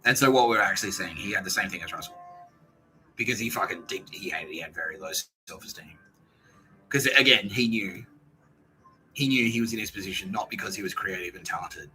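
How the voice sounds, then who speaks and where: Sweary man ranting, bright edge. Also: low voice, fairly quick, rough recording. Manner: profane, ranting, acts out quoted dialogue in brief voices. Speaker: podcast host. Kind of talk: casual podcast monologue.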